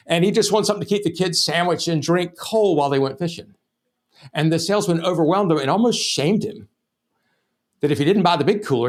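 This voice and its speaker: A male sales trainer hosting a podcast, teaching through stories in a loose, cursing, conversational manner. His voice sits fairly high for a man. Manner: casual, profane, anecdotal. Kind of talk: storytelling lesson.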